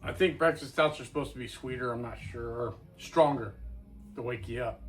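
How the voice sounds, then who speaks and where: A man's voice: medium pitch, a little fast, recorded from a distance, soft background music, poor audio. Folksy man reviewing beer outdoors. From Florida. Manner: rambling, folksy, loose. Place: outdoors at night.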